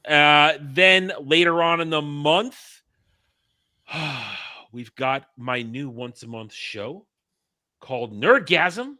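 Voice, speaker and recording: A man on a live-stream chat who announces upcoming shows in a relaxed, teasing, profane way. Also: a little high, takes it slowly.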